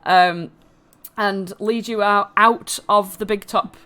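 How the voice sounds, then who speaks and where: Bright woman narrating a game. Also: mid-range voice, steady tone, slow pace, smooth. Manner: rambling, filler-heavy description. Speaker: game master.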